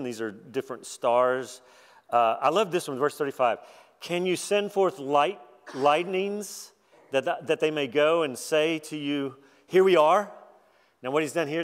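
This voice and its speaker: Man preaching a sermon, casual and self-deprecating, mid-pitched voice, long church-hall reverb. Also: smooth. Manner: conversational, self-deprecating, animated when quoting scripture. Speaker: guest preacher.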